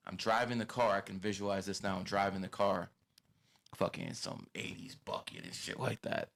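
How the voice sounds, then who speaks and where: A man's voice: fairly low pitch, fairly even intonation, moderate pace, gravelly, a bit bright. A man hosting a podcast, giving blunt and profane advice in a lecturing tone. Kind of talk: casual podcast talk.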